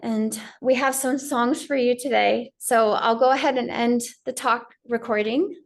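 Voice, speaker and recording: A woman teacher giving a gentle, story-filled spiritual talk on yoga. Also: on the high side, steady tone, measured pace.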